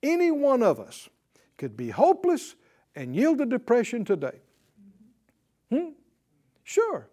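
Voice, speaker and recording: A middle-aged man preaching a sermon, often chuckling, pleading and exhorting, dropping low and quiet and then bursting out loud. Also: unhurried, long pauses. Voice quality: lively, swooping delivery that drops low and quiet then bursts loud and high. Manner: chuckles through his lines, mimics whiny voices, pleads and exhorts.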